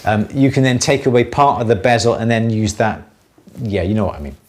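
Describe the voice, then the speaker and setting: A middle-aged man hosting a live jewellery Q&A, explaining techniques step by step in a relaxed way, with many fillers and restarts. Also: lowish voice, brisk. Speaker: jewellery maker answering viewer questions. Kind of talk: live Q&A demonstration.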